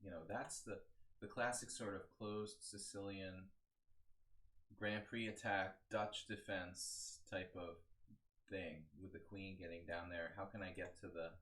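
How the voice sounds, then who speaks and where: This chess coach, a man in his forties, rambles casually through game analysis on his live-stream and talks to chat along the way. His voice is low-pitched yet fairly bright in tone, level, and a little slow.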